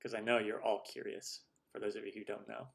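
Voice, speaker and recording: A man's voice: fairly low pitch, flat delivery, fairly quick, vocal fry, slight background noise. A man in his forties, a cooking show host, chatting casually in a live Q&A, rambling with many fillers and self-deprecating jokes. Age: 40s. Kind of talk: live stream Q&A chat.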